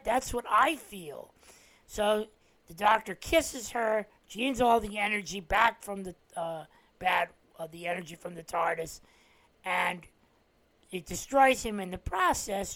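A man's voice: high voice, fairly bright tone. Rambling New Jersey man hosting a podcast. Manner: rambling retelling with frequent "uh" fillers and restarts. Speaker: podcast host. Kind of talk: casual solo podcast monologue.

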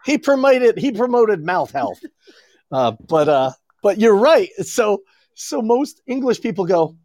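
Animated, joking podcast co-host. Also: male voice, high-pitched, moderate pace, dry recording, clean studio sound. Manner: rambling, joking, swears freely. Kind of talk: casual banter over a call. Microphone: remote call.

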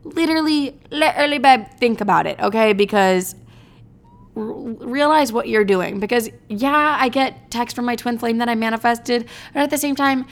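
A woman's voice: fairly high pitch, normal speed. A young woman vlogging in casual chat, chatty and profane, mocking herself and saying "like" a lot.

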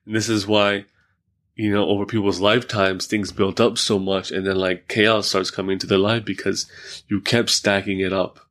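Guy on a podcast, kinda low voice, thinking out loud with lots of likes and rights. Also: level tone, moderate pace. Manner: reflective, many fillers, talks through examples. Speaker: podcast host. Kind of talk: casual conversation.

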